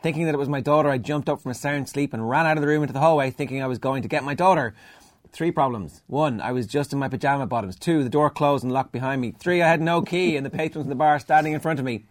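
Guy reading a listener email out on a podcast, mid pitch, dry little asides. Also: fast. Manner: reads aloud with dry asides. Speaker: podcast host.

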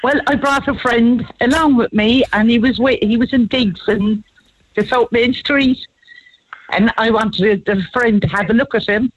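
A woman's voice: on the high side, fairly even intonation, a little slow, low-quality recording. Chatty older woman reminiscing. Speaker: guest, wife. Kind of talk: casual chat.

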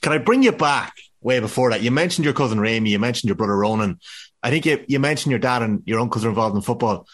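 A man hosting a football podcast, asking quick, eager questions in casual chat. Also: mid-range voice, animated. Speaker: podcast host.

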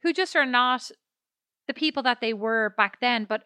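A woman's voice: on the high side, normal speed, sharp tone, smooth, dry recording, studio quality. A woman co-hosting a podcast, chatting casually in a rambling, self-deprecating way and swearing freely. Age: adult. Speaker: podcast co-host. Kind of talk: casual chat.

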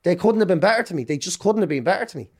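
A middle-aged Irish man talking as a podcast guest, telling his story candidly in a fast, swearing, self-interrupting way. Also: high-pitched, lively intonation, darkish tone. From Ireland.

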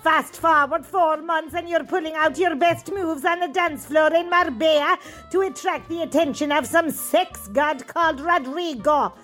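Bawdy randy woman as an actress plays her, shrill high voice, faint music. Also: normal speed, few pauses, a bit bright. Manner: brash, bawdy, shameless. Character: randy middle-aged North Cork woman. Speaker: letter writer. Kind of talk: comic monologue.

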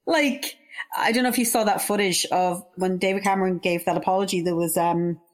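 Girl chatting, fired up and emotional, swears a lot, lowish voice. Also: steady tone, fairly quick. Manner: impassioned, emotional, swears freely. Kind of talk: casual chat.

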